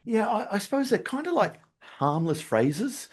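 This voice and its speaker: A man hosting a podcast conversation, asking questions and thinking out loud. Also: high voice, moderate pace, slightly rough. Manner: asks lively questions, thinks aloud. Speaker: podcast host.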